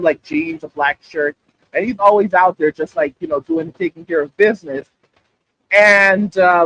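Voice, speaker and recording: A man's voice: sits high, breathy edge, dull audio. A man hosting a livestream, talking casually and repeating himself as he speaks straight to his chat. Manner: animated, repetitive, addresses chat directly. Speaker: livestream host.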